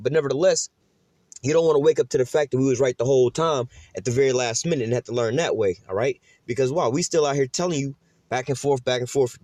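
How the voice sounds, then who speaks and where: A man preaching informally on scripture and prophecy, talking quickly in a loose, profane, conversational way. His voice sits at an ordinary pitch and sounds dry and close, with no room echo. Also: darkish tone. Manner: profane, conversational, keeps asking "you know?". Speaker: religious teacher.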